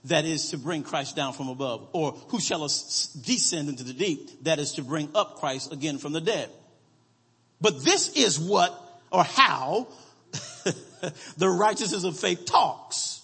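A man preaching a sermon, slowly reading scripture aloud and calling out to his congregation for answers. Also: a little high, animated, creaky, pushed and bright, breathy edge, big-room sound.

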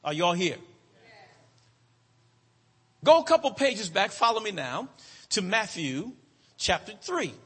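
A man preaching a sermon in a church, with a rhythmic cadence, drawn-out emphatic words and frequent calls to the congregation. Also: sits high, big pitch swings, a bit bright, slightly rough. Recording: long hall reverb.

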